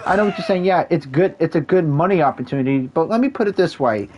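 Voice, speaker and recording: A man's voice: a little high, expressive, fast talker, darkish tone, highs cut off, slight background noise. A man ranting casually while playing a game, rambling and restarting his sentences often. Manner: rambling, repetitive, many restarts. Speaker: gaming vlogger. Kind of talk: casual rant while gaming.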